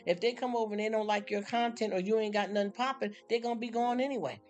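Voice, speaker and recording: A woman's voice: fairly high pitch, fast talker, hardly any pauses, a little mellow, faint music behind. Fired-up woman ranting on a live stream. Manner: blunt, fired-up, mocking impressions. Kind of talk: venting to live chat.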